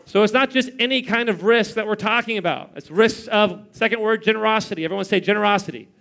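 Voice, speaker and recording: A man's voice: high-pitched, fast, creaky, bright, forceful tone. A man in his thirties preaching a sermon in church, telling stories with playful mimicry and chuckles. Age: 30s. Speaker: pastor.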